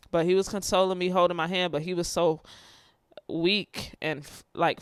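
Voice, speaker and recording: A woman's voice: low voice, clear, resonant tone, dry recording, clean studio sound. Emotional young woman telling a personal story. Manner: candid and emotional, with fillers and restarts.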